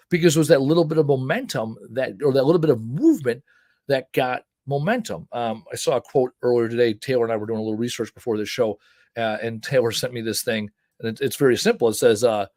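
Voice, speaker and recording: A forty-year-old man hosts his own live show, talking in a loose, rambling way and tagging thoughts with "right?". His voice sits at a medium pitch. The sound is dry and close, with no room around it. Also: no echo. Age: 40s. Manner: conversational, many fillers and rhetorical "right?". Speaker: host. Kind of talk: casual live-show monologue.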